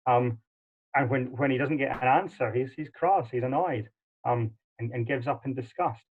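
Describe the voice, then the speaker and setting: A man's voice: medium pitch, moderate pace, slightly rough. A man giving an online livestream lecture in a chatty way, with frequent ums and uhs. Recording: tinny phone-like audio.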